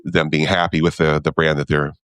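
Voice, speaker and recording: A man's voice: a bass voice, little pitch movement, brisk, fairly bright tone, dry recording, clean studio sound. A man co-hosting a podcast, talking easily, thinking aloud and laughing often. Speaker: podcast co-host. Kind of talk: casual chat about comic strips.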